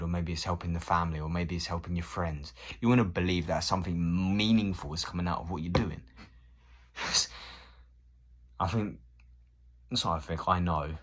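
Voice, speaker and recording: A man's voice: low voice, a bit bright. A man in his thirties ranting casually to camera, swearing and acting out both sides of conversations. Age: 30s. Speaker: vlogger.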